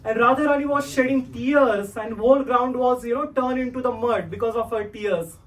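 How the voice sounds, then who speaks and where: A man's voice: very high-pitched, moderate pace, recorded from a distance, poor audio. A man giving a devotional storytelling sermon, often asking "right?" of his listeners. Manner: repeats "right?" to the listeners, sings verses for them to repeat. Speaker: religious teacher.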